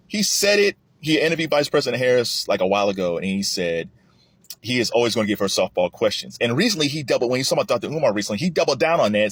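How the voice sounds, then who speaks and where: A man giving a casual political commentary monologue, animated and often restarting his sentences. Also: slightly rough, dry recording. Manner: animated, rising high when emphatic, with frequent restarts. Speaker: commentary vlogger.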